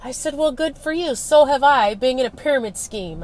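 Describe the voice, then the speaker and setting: A woman's voice: a little high, a little fast, a little mellow, rough recording. A woman in her late forties tells a story in a chatty, emphatic way, talking to her followers from a parked car. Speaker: network marketer. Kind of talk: casual storytelling vlog. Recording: outdoor traffic noise.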